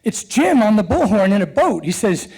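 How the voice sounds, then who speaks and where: Middle-aged man, earnest storyteller; high pitch, warm mellow tone, animated. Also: gravelly, breathy edge. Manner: earnest and animated, with chuckles and halting restarts. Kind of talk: personal storytelling.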